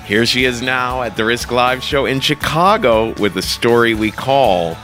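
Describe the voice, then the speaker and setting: Slow-talking host guy reading an ad and intro, soft music under it. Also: mid-range voice. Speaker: podcast host. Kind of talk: scripted ad read and introduction.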